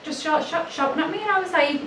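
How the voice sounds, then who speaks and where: A young woman co-hosting a podcast, telling stories in casual chat, animated and laughing often, jumping her voice up when she quotes people. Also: extremely high pitch, quick pace. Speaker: podcast co-host. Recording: echoey room, mic at a distance, faint noise.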